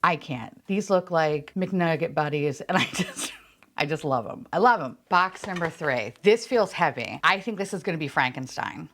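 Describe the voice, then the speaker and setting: A young woman vlogging an unboxing, her voice swinging widely in pitch as she gushes. She squeals and laughs often, chatting straight to her viewers in an excited, casual way. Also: normal speed.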